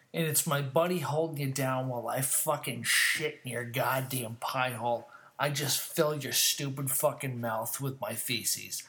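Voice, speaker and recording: A man's voice: medium pitch, fairly bright tone. A man hosting a show, delivering a heated, profane comedic rant full of insults.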